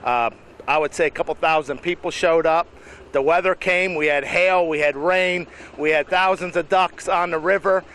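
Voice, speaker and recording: A man, a police chief, answering interview questions outdoors in a plain, halting way. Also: a little high, fairly even intonation, a bit bright, a little hiss or hum. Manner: plain-spoken, halting with fillers. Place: outdoors in a town street.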